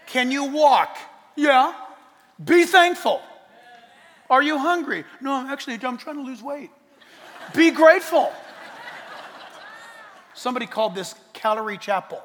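A man preaching a sermon as a pastor, animated, swinging from loud bursts to hushed asides and dropping in jokes. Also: extremely high pitch, in a large hall.

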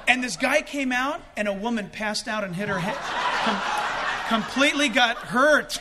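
A man preaching a sermon in an animated way, breaking into shouts for emphasis and joking as he goes. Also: extremely high pitch, measured pace, over a noisy crowd, very noisy. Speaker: pastor.

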